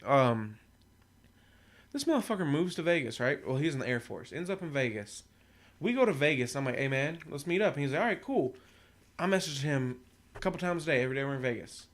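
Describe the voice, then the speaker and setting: A man's voice: a little high, animated, fairly quick. A young man casually telling a long, profane story on a podcast, acting out what people said. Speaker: podcast co-host.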